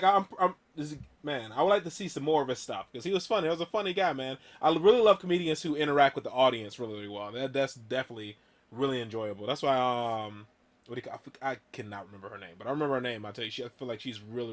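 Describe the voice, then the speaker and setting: Easygoing male reaction host, quick rambling chatter, mid pitch. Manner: easygoing, rambling, many fillers. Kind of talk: casual reaction commentary.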